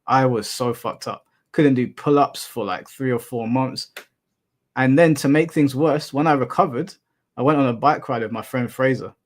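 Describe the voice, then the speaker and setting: A man's voice: mid-range voice, normal speed. A young adult man hosting a live stream, chatting casually with viewers and telling rambling anecdotes with casual swearing.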